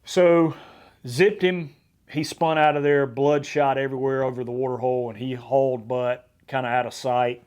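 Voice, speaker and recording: A male podcast host tells a story in relaxed, casual conversation. His voice sits in an ordinary middle pitch. He talks with animated energy and often restarts his sentences. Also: moderate pace, clear, resonant tone.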